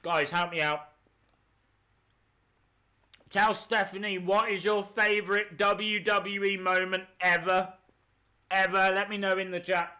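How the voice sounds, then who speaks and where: High, bright-voiced man with a full mouth. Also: fairly even intonation, measured pace, pauses often. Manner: groaning, exclaiming in disgust. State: mouth full while talking. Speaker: live stream host. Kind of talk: live stream chat.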